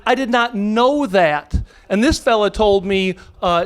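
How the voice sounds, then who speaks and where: A man from the US does stand-up before a live audience in a high, smooth, unhurried voice. He's profane and brash and often stops mid-thought, and laughter from the crowd cuts over the mic.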